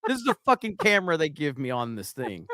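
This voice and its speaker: A man venting on a livestream from a cramped hotel closet, cursing freely and mocking himself, his pitch a little raised. The sound is dry and close on a laptop's built-in setup. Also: wildly swooping pitch, fast talker, pushed and bright, no echo. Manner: profane, ranting, self-mocking. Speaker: livestream host. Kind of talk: casual livestream chat. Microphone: laptop webcam.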